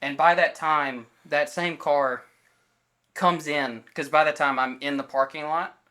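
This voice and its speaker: A man's voice: fairly high pitch, steady tone, measured pace, bright, forceful tone. A man co-hosting a podcast in casual chat, telling a story and acting out the quoted lines of everyone in it, with loose fillers and self-corrections. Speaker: podcast co-host.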